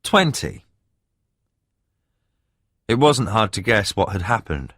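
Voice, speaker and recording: A man reading a thriller audiobook in the first person, telling the story at a measured pace with expressive emphasis. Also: on the low side, no echo, studio quality. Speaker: audiobook narrator. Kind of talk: scripted first-person narration.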